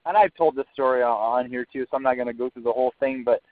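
A man's voice: mid-range voice, quick pace, no room sound. Man telling a story on a thin line. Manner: swears freely, lots of "like". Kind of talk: casual storytelling chat. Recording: dry, narrow phone-like sound.

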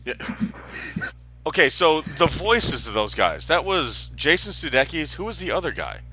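A man's voice: on the high side, sing-song, normal speed, a crowd in the background. A man co-hosting a casual chat about a TV show, easygoing and laughing often, stumbling and restarting as he talks.

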